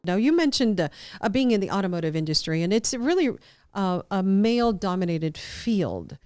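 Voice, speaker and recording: Woman hosting a podcast, crisp dry close sound, friendly, repeats what the guest says. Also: medium pitch, animated, moderate pace, darkish tone. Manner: friendly, asks questions, echoes answers. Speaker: podcast host. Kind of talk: casual interview talk. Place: podcast studio.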